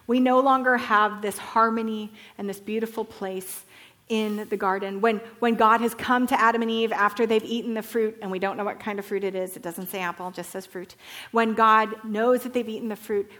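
Lively woman teaching Bible stories. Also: a little high. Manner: animated storytelling, asks listeners to repeat words.

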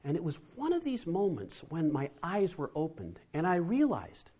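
Animated male storyteller with a lively voice. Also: on the high side, normal speed, slightly rough. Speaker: speaker. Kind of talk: storytelling talk to an audience.

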